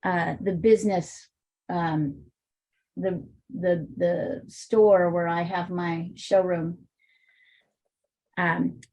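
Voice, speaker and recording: A woman's voice: fairly low pitch, steady tone, very slow, pauses often, darkish tone, poor audio. A woman teaching an art class, chatting casually and telling rambling stories.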